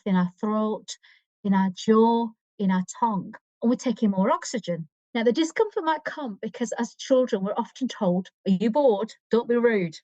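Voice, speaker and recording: A woman's voice: on the high side, a little mellow, no echo, rough recording. A woman guest expert giving conversational podcast advice on stress, with a coaching manner, frequent restarts and fillers.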